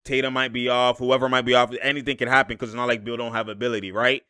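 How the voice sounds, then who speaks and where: A man giving a casual, slangy breakdown of basketball game film, animated and laughing often as he mimics the players' reactions. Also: mid-range voice, fast talker, clean tone, dry recording, clean studio sound. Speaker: basketball analyst and channel host.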